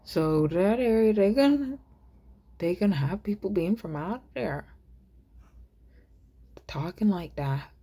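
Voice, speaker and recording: A woman vlogger musing aloud to camera, soft and rambling, often half-whispered. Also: medium pitch, expressive, takes it slowly, pauses often, breathy edge.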